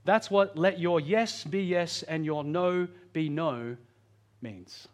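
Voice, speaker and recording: A man delivers a sermon in an earnest, pastoral tone. His voice sits fairly high for a man. He slows right down on key phrases and rushes through asides. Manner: earnest, varies pitch and pace for emphasis.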